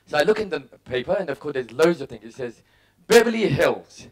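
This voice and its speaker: A middle-aged English man, working as a motivational speaker, talks at a quick pace with lively intonation and a fairly high pitch. He weaves in personal stories and performs his own thoughts in punchy little bursts.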